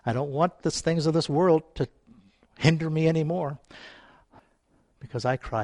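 A male pastor with a notably high voice delivers a fervent, repetitive sermon and calls out to his congregation. He chuckles often and sometimes sinks into a soft, low voice. The sound is dry, with no room echo. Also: moderate pace, long pauses.

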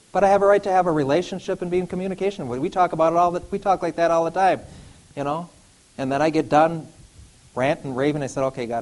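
A man preaching a sermon, animated, acting out biblical dialogue with laughs and sudden outbursts. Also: sits high, rough recording. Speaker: pastor.

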